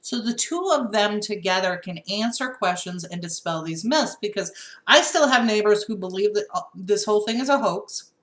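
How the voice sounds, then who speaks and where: A woman co-hosting a casual political chat show, telling stories with animated laughter. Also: mid-range voice, moderate pace, roomy sound. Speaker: podcast co-host.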